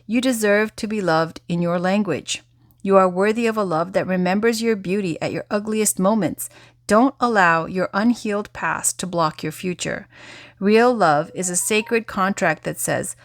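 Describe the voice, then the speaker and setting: Recorded in clean studio sound with no echo, a woman with a medium-pitched voice delivers a tarot reading and guided affirmation. Her manner is chatty and candid, with lively asides, and she says she's losing her voice.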